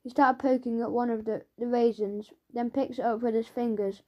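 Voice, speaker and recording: A woman narrating a children's audiobook in the first person as a schoolboy, lively and storytelling. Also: on the high side, moderate pace, highs cut off.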